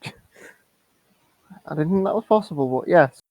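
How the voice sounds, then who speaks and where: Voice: mid-range voice, lively intonation, slow pace, dark tone, dry recording. A co-player in a game session, making short reactions and dry asides. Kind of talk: casual let's-play chat.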